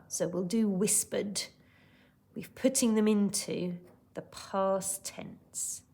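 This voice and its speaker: A primary school teacher with a medium-pitched voice and vocal fry takes things slowly in a recorded lesson for young children. Patient and encouraging, she's expressive, acting out shouting, whispering and gasping to demonstrate each word.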